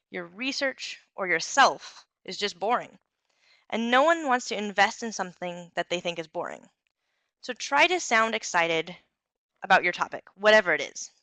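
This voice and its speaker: A young woman gives an instructional talk, clear and encouraging, with the occasional "um". Her voice is bright and crisp, recorded dry and close. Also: mid-range voice, no echo. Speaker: presenter giving a talk on communication skills.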